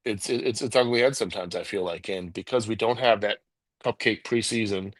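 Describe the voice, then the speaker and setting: Low-voiced man, rambling sports talk. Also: fairly quick, dry recording. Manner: rambling, restarts, laughs often. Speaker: co-host of a sports call-in show.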